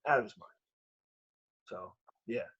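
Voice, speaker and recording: A middle-aged man, a jiu-jitsu gym owner telling a profane, animated story in casual chat. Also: unhurried. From New York. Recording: dull lo-fi audio.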